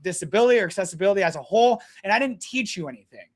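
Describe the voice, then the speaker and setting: A man talking as a podcast guest, telling stories in a blunt, animated way with plenty of swearing. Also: high voice, rapid-fire. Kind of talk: casual storytelling chat.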